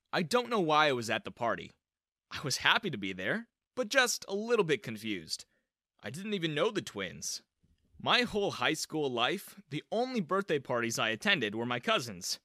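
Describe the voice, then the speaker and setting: Bright, lively male storyteller. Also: fairly high pitch, no room sound, studio quality. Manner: earnest, confiding first-person telling. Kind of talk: animated story narration.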